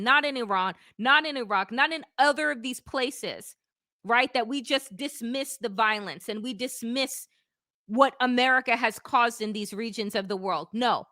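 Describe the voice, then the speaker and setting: Fiery, bright-voiced woman commentator. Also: on the high side, dry recording, clean studio sound. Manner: blunt, fiery, swears for emphasis. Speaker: podcast co-host. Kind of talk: heated political commentary.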